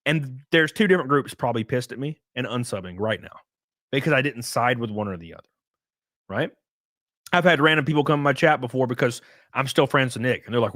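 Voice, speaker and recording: A man's voice: mid-range voice, animated, fast, a bit bright, no room sound, studio quality. A man live-streaming, chatting casually with his viewers, swearing, laughing and thanking them as he goes.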